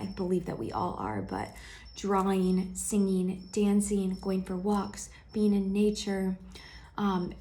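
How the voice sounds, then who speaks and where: A woman sharing a heartfelt personal vlog, speaking gently and intimately to the viewer and often dropping into a soft whisper. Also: medium pitch. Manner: affectionate, speaks straight to the viewer.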